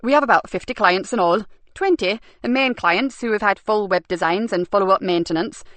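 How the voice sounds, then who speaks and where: A woman's voice: mid-range voice, normal speed, fairly bright tone, dry recording, natural voice. Woman doing a mild absent-minded husband. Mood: calm. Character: mild absent-minded male web designer, middle-aged.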